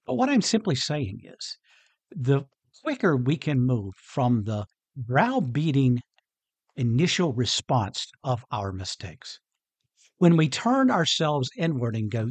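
A man hosts a motivational podcast alone, speaking earnestly and conversationally and chuckling often. His husky, mid-range voice is very animated but slow-paced, with no echo on the recording.

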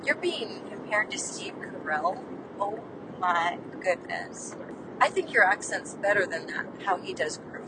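A woman's voice: very animated, a little slow, recorded from a distance. A woman podcast host chatting and teasing on a road trip, laughing often, recorded inside a moving car. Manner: giggly, teasing. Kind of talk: casual chat on a road trip. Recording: road noise, voice off-mic. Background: engine and road rumble.

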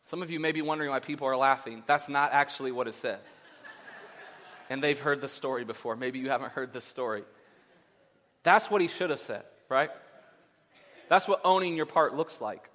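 A male pastor preaching a sermon in a lively, conversational way, with asides to the congregation. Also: medium pitch, big-room sound.

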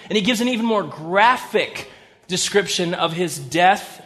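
A man's voice: sits high, lively intonation, measured pace, a bit bright. A man preaching a sermon as pastor, in a conversational style with humorous asides. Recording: long reverb of a large hall.

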